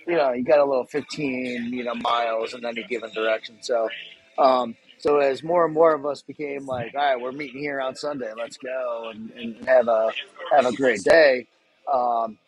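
A middle-aged man, a guest who runs a fan club, telling stories in a relaxed, rambling way. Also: medium pitch, normal speed, breathy edge, low-quality recording. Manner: rambling, relaxed storyteller with fillers. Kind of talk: casual chat.

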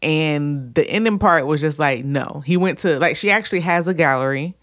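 Woman, casual podcast chat, animated storyteller, laughs often. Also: low voice, normal speed. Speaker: podcast co-host.

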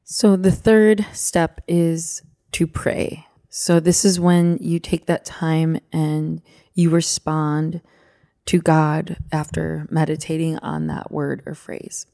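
A woman co-hosting a podcast, guiding listeners through a prayer meditation and praying aloud softly and gently. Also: sits low, flat delivery, takes it slowly, creaky, dry recording, clean studio sound. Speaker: podcast co-host.

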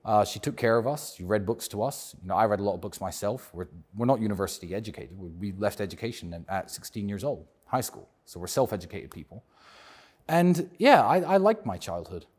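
A man's voice: lowish voice, animated, a little fast, a little mellow, slightly rough. A man with a British accent answering interview questions in an emphatic conversational way, often repeating phrases for stress. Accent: British English. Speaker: interview guest.

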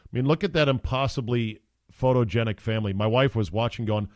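A man's voice: mid-range voice, brisk, darkish tone, no room sound, studio quality. Blunt, opinionated male sports host. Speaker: podcast host. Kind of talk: casual sports talk.

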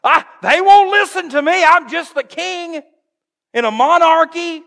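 A man voicing a whining adult king who blames others, in a high protesting voice. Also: a little slow, creaky, bright, forceful tone, big-room sound, heavily acted. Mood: whiny. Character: whiny adult male king shifting blame.

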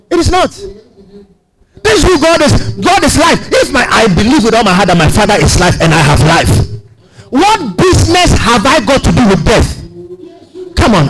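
A man preaching a sermon, emphatic, often asking the congregation questions. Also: rough recording. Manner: emphatic, asks the congregation questions, big swings in pitch.

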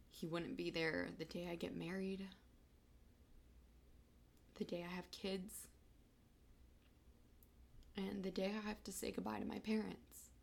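A young woman in her twenties telling a personal story of loss, halting and fighting back tears. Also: fairly low pitch, gravelly, a little hiss or hum.

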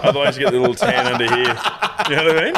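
A man's voice: mid-range voice, steady tone, rapid-fire, over a noisy crowd. A man co-hosting a comedy podcast, rambling through crude stories with laughs. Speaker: podcast co-host. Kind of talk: crude casual banter.

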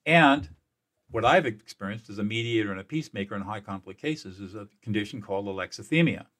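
A man who works as a mediator, explaining in an interview in an energetic, emphatic way, often restarting and repeating words. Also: fairly low pitch, brisk. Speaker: mediator and peacemaker.

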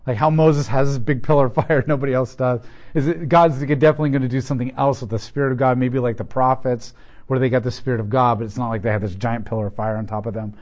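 A man's voice: mid-range voice, steady tone, fast, darkish tone. A man giving a conversational Bible teaching, explaining the text plainly with casual asides and rhetorical questions.

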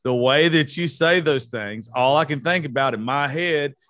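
A man's voice: mid-range voice, normal speed, a bit bright, no echo. A young Southern man from South Georgia hosts a loose podcast chat, cursing freely and laughing at himself. His voice sits mid-range and sounds dry and close to the mic. He rambles, teases, and jokes. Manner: profane, joking, self-mocking. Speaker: podcast host. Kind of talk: casual unedited podcast banter.

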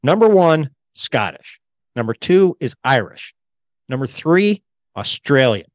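A man co-hosts a podcast in a crude, rambling way, chatting casually. His voice sits at a middle pitch and sounds dry and close to the mic. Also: big pitch swings, a little slow, dry recording. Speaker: podcast co-host. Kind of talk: casual chat.

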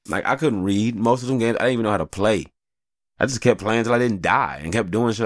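A man in his thirties, a father telling a casual story in an animated, profane, slangy way. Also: on the low side, fast, no echo, studio quality.

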